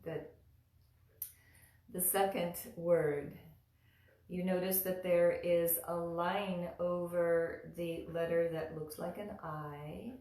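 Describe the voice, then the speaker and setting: A patient woman leads a mantra pronunciation lesson, speaking very slowly in a lowish voice. She demonstrates each sound and chants along. The recording is roomy, with her a little away from the mic. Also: steady tone, mellow. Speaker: mantra teacher. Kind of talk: slow guided pronunciation lesson. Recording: roomy echo, from a distance.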